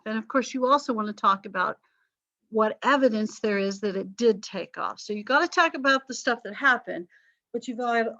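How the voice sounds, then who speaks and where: A woman's voice: medium pitch, bright, forceful tone. Lady teacher rambling through an online lecture, lots of ums, kinda muffled lo-fi mic. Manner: chatty and self-deprecating, with frequent ums. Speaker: college history instructor.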